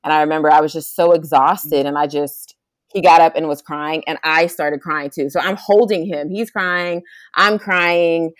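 A young woman chatting as a guest, telling a lively story and acting out quotes in a high voice. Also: moderate pace, no echo, clean studio sound. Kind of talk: casual chat.

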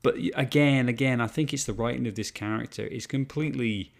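A man's voice: medium pitch, fairly quick, vocal fry. A man co-hosting a podcast, chatting casually about a movie with lots of swearing and restarts. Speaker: podcast co-host. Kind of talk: casual movie review chat.

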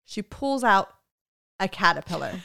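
A woman casually telling an animated parenting story, quoting her children and laughing often. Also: mid-range voice, measured pace, gravelly, no room sound. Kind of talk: casual chat.

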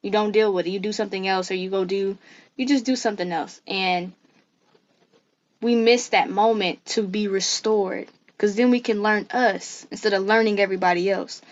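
A woman guest on a faith-based podcast, talking earnestly in an animated, preacherly way. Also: mid-range voice, normal speed, lo-fi sound.

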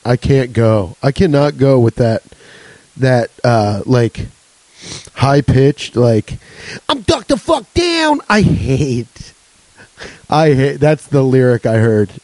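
A young man hosts a solo comedy podcast, rambling from one joke to the next with plenty of swearing. His voice is warm and mellow at a middle pitch. The sound is dry and close. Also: no room sound, rough recording. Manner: rambling, swearing, laughing, jokey. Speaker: podcast host.

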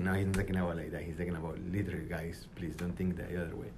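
A man's voice: low-pitched, flat delivery, very fast, noisy background. A man joining a casual Bible study discussion, talking in a loose, informal and rambling way.

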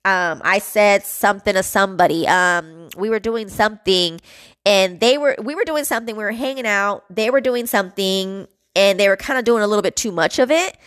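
A woman's voice: medium pitch, normal speed, fairly bright tone, no echo. A young woman hosting a podcast, venting about feeling misunderstood in a frustrated, emotional monologue full of fillers and swearing, close to tears. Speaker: podcast host.

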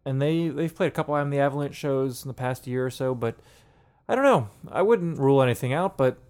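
A man's voice: mid-range voice, fast, darkish tone, clear, resonant tone. Jokey man co-hosting a music chat. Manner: playful, jokey, riffs on puns. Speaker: podcast co-host. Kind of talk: casual music review chat.

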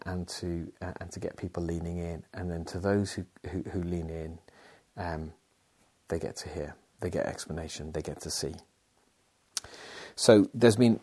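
A man with a very low, husky voice teaches a Bible passage like a pastor. He explains earnestly and restarts his sentences often. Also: a little mellow. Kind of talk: sermon-style Bible teaching.

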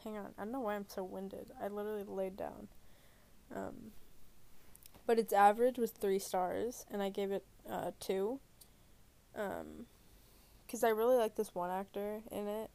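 A woman chats about films alone in her bedroom, lying down as she talks. Her voice has a gravelly, creaky edge, and her thoughts wander through fillers and restarts. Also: medium pitch, darkish tone. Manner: rambling, full of fillers and restarts. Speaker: movie reviewer. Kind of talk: rambling casual chat.

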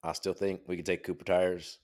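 A young man with a very low, deep voice, chatting casually as a podcast co-host. He teases and meanders, and leans heavily on filler words. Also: little pitch movement, brisk, a little mellow. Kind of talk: casual chat.

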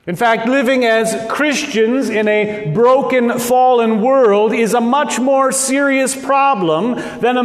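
A Midwestern man from Nebraska, with a slight North Dakota tinge, preaching a sermon as pastor in slow, deliberate phrases with dramatic pauses. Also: very high voice. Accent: Midwestern with a trace of North Dakota. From Nebraska, USA. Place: church sanctuary. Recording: echoey church hall.

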